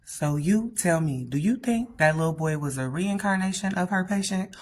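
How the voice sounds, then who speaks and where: A woman telling a spooky story in a lively, expressive way, talking straight to the listener. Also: on the low side, normal speed, slight background noise. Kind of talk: dramatic scary story narration.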